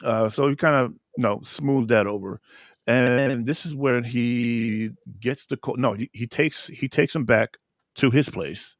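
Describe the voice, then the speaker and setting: A man's voice: medium pitch, a little slow, no echo, studio quality. A man co-hosting a podcast, recapping a TV episode in casual, rambling chat full of restarts. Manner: rambling, many restarts and fillers. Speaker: podcast co-host.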